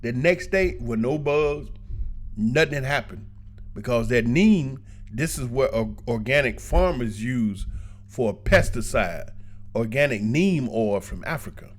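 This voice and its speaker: Animated man telling travel stories. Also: mid-range voice, unhurried. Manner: animated, colloquial, laughs often, preachy asides. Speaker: vlogger giving travel advice. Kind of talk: casual storytelling monologue.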